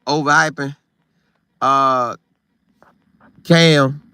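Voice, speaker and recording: Guy on a live stream, bright punchy voice, dry close sound, going thru chat and repeating himself for emphasis. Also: medium pitch, steady tone, extremely slow, clear, resonant tone, no room sound. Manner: loose, talkative, repeats phrases for emphasis. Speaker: show host reading live chat. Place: Florida.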